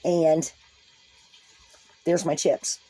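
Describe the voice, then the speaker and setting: A woman vlogger spins a casual story for her viewers in a lowish, mellow voice. Her talk is folksy and rambling, full of restarts and asides. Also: level tone, drawn-out words.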